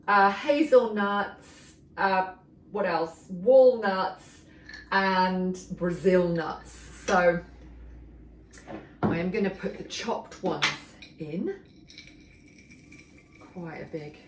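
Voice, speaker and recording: A woman's voice: mid-range voice, noisy background. A middle-aged woman, chatting enthusiastically as she demonstrates a recipe in her home kitchen. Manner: chatty, enthusiastic, talks while working. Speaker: cooking show host. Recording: echoey kitchen, mic far off. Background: clattering dishes and pans.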